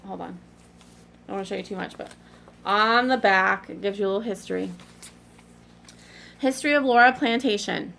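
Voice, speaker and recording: A woman's voice: mid-range voice, steady tone, fairly quick, gravelly, long pauses, pushed and bright. A middle-aged woman rambling in a casual, digressive chat to her vlog audience, often apologizing in asides. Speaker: cross-stitch vlogger.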